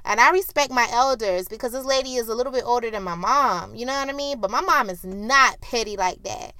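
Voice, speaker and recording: A woman hosting a solo podcast, telling a story in a heated, profane way and acting out arguments loudly. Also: a little high, brisk, dry recording. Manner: acts out quoted arguments loudly. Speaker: podcast host.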